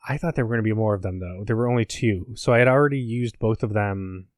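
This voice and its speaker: A man's voice: on the low side, fast talker, dry recording, clean studio sound. A man in casual chat recapping a game, rambling, profane and self-mocking. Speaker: podcast host, academic.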